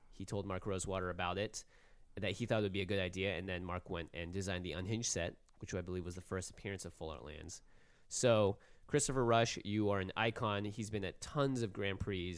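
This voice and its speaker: A man's voice: deep voice, smooth, no room sound. A man co-hosting a podcast about a card game, chatting in an upbeat way and reading out the show's credits. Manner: upbeat, reads plugs and credits. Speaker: podcast co-host. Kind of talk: casual chat.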